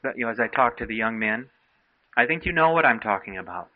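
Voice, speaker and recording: A man's voice: medium pitch, lively intonation, fast. Earnest male preacher, muffled recording. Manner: earnest exhorting, quotes King James scripture. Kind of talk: sermon.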